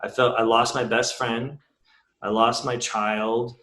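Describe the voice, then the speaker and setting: A man's voice: mid-range voice, level tone, slow pace, bright, forceful tone. Guy on a podcast telling his story real candid, swears a lot, mid voice, echoey room. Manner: frank and emotional, swears casually, restarts sentences. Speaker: entrepreneur guest on a podcast. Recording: roomy echo.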